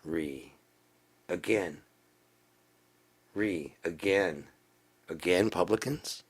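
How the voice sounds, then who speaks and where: A man giving a profane political rant in a video blog, repeating himself and rising into preachy shouting. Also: deep voice, takes it slowly, pauses often. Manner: swearing, repetitive, builds to preachy shouting. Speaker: video blogger.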